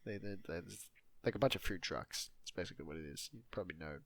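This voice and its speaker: A man's voice: deep voice, fast, a bit bright. A man casually recapping a film as a podcast co-host, rambling through the plot with fillers and swearing. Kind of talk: casual chat.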